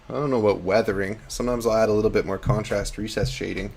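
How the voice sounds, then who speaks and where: A man's voice: fairly low pitch, steady tone, fast, creaky, husky. A man hosting a live hobby-painting stream, chatting casually and laughing at himself. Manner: chatty, self-deprecating, laughs often. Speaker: host.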